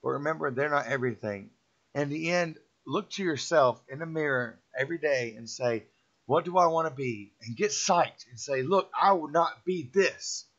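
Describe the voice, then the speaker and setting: A man's voice: on the high side, moderate pace, fairly bright tone. Emphatic middle-aged man, lo-fi recording. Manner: emphatic, repetitive, preachy. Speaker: vlogger giving a motivational talk. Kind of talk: rambling motivational monologue. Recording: dull lo-fi sound.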